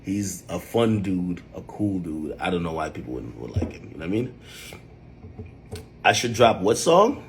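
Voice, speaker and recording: A man hosting a livestream, telling stories in animated casual chat, with a husky voice and sudden loud outbursts. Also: deep voice, moderate pace, slight background noise. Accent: New York. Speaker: livestream host.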